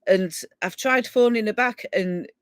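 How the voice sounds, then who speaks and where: A woman's voice: medium pitch, measured pace, dry recording. Chatty Yorkshire woman rambling on a live stream. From England. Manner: rambling and chatty, laughing as she reads out comments. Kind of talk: casual live-stream chat with viewers.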